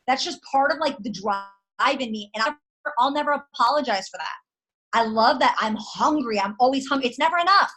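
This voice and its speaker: A woman's voice: fairly high pitch, expressive, normal speed, fairly bright tone. A woman giving a fired-up motivational pep talk to her sales team. She speaks emphatically, uses slang and fires off punchy rhetorical questions. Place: at home at night.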